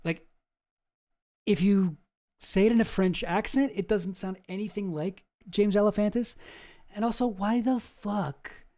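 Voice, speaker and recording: Mellow-voiced man ranting casually. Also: high-pitched. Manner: rambling and exasperated, swears freely. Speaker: streamer reacting to a video. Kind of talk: casual commentary.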